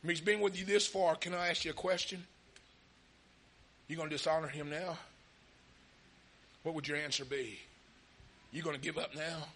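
High gravelly-voiced fiery preacher man. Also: steady tone, normal speed, pauses often, slight background noise. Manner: impassioned, often shouting; calls out hallelujah and amen. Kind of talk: sermon.

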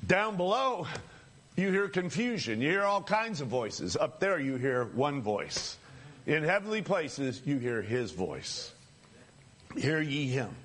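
Preaching a sermon, a man with a notably high, slightly bright voice addresses his listeners as friends. He moves slowly with big pitch swings, building his points through repetition and slipping in brief chuckles.

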